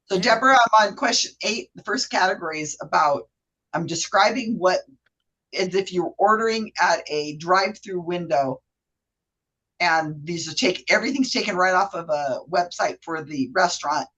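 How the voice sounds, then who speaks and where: A woman's voice: lowish voice, moderate pace, a bit bright, breathy edge, rough recording. A woman hosting a casual trivia game, chatty and self-deprecating, who laughs often and explains the rules loosely. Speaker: trivia host.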